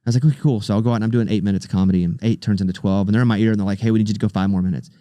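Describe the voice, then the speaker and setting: Fast-talking man telling a story. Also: lowish voice, dry recording. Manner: animated storyteller, voice rising with excitement. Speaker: guest, comedian and radio host. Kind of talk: casual storytelling chat. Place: podcast studio.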